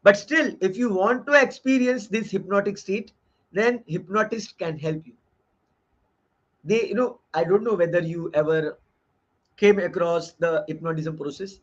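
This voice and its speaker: A man's voice: sits high, a little slow. A man giving an online lecture as a book reviewer, explaining earnestly and often repeating his phrases. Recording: dull lo-fi audio.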